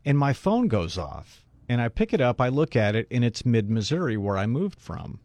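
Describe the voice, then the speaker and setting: Animated male radio co-host. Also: medium pitch, moderate pace, no room sound. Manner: animated storyteller, voices the people in his story. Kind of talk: casual radio chat, storytelling.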